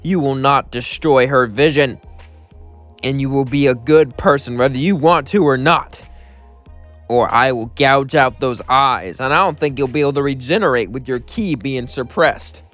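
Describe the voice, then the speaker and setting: A man's voice: mid-range voice, normal speed, a bit bright, soft background music, close to an everyday voice. A man voicing a fierce, protective young woman who speaks in a stern, threatening way.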